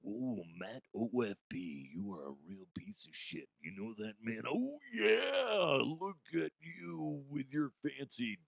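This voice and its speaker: A boastful wrestler-type tough guy growls crude taunts, as a man puts on the voice. The voice sits gravelly and raspy, dropping to hoarse whispers before bursting into shouts. It is close and dry, with no room around it. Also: mid-range voice, very animated, takes it slowly, hardly any pauses, dry recording, full character voice. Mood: taunting. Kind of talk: comedic impression.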